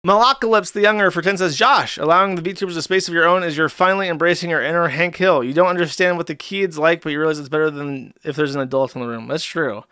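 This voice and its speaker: A man's voice: a little high, bright, forceful tone, clean tone, no echo, clean studio sound. A man hosting a livestream in a casual chat style, reading out donation messages in an offhand, sardonic way. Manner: offhand and sardonic, with quick laughs. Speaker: host.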